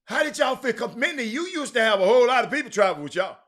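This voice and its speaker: A man hosts a casual sports talk livestream. His bright, sharp voice sits high for a man. He talks in animated bursts, repeats names and restarts his sentences. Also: fast talker. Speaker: sports talk show host. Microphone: streaming mic.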